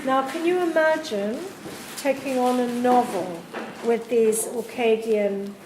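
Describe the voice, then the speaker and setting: A woman's voice: a little high, unhurried. A woman interviewing a writer at a university event, asking thoughtful, searching questions. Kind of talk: literary conversation at a public event. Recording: echoey room with background noise.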